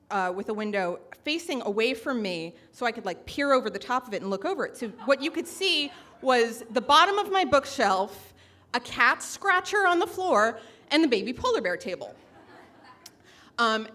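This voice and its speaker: High-voiced woman telling a story onstage. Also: a bit bright. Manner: chatty, filler-heavy, self-mocking. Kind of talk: live personal storytelling. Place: live storytelling stage.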